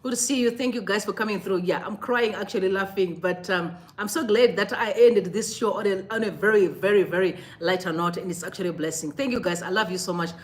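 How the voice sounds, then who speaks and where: A woman's voice: medium pitch, a little fast, hardly any pauses. A woman hosting a casual livestream, chatty and effusive, often breaking into laughter. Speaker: livestream host.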